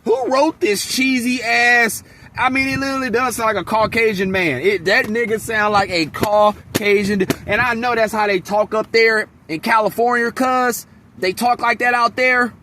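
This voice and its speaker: A man giving a casual movie reaction, ranting in a profane, animated, rambling way. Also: high voice, moderate pace, slight background noise. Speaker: movie reviewer.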